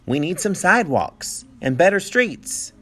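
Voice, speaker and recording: A man's voice: sits high, big pitch swings, measured pace, a bit bright, soft background music, pitched above the performer's own voice, heavily acted. A man voicing Amanda, a spirited pioneer girl. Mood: earnest.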